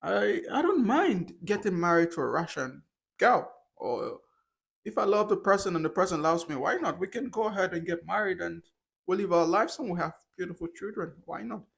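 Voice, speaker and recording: Young male vlogger, slightly high voice, casual and halting, lots of restarts. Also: lively intonation, vocal fry, a bit bright, breathy edge. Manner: hesitant, with frequent restarts and self-corrections. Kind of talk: casual talk to camera.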